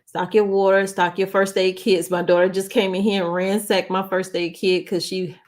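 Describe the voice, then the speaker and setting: A woman's voice: medium pitch, level tone, normal speed. A middle-aged woman, hosting a casual news vlog and greeting viewers by name. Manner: chatty, warm-hearted, talks to viewers by name. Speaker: channel host.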